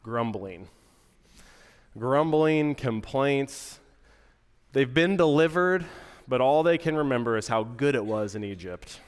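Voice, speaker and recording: A man's voice: medium pitch, slow pace, long pauses, clean tone. Nasal stuffed-up guy preaching, chatty asides, echoey sanctuary. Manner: relaxed, conversational preaching with asides. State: congested, nasal from a cold. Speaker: pastor. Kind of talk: sermon.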